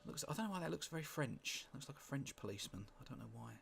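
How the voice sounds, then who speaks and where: A British man casually commentating on a strategy game he is playing, rambling and wry, with sweary asides and thinking out loud. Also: medium pitch, animated, quick pace, vocal fry, a little hiss or hum. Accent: British English. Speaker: gameplay commentator. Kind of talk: casual let's-play commentary. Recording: music playing underneath.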